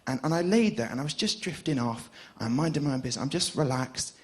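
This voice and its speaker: A man's voice: mid-range voice, expressive, fast. A young man doing a stand-up set on a club stage, rambling and hesitant with lots of restarts. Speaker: stand-up comedian.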